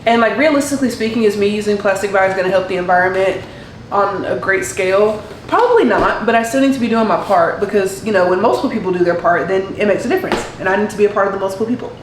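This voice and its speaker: Woman in her twenties, casual vlog talk, medium pitch, rambling with lots of fillers, roomy echo. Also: quick pace, a little hiss or hum. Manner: rambling, heavy use of "like" and "um". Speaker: nursing student vlogger. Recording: echoey room.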